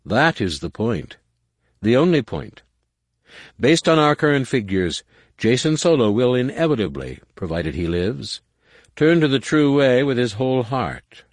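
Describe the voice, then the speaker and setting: A man voicing a sly alien male executor who speaks smoothly and ingratiatingly. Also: medium pitch, sing-song, a little slow, no room sound, clean studio sound, pitched above the performer's own voice.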